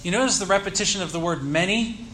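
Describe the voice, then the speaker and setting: High bright-voiced preacher, man. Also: a little hiss or hum. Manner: earnest teaching tone with slow emphatic stresses. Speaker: pastor. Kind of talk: sermon.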